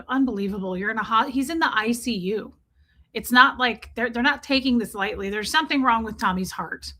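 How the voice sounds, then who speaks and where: Bright-voiced chatty woman streamer. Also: on the high side. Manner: chatty, rambling, greets viewers by name mid-sentence. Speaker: livestream host. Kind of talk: casual livestream chat, greeting viewers.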